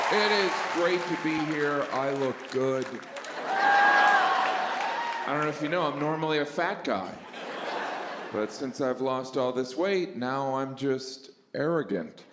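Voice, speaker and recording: A middle-aged man performing deadpan, self-deprecating stand-up comedy. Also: medium pitch, a little slow, noisy background. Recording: echoey hall with distant pickup.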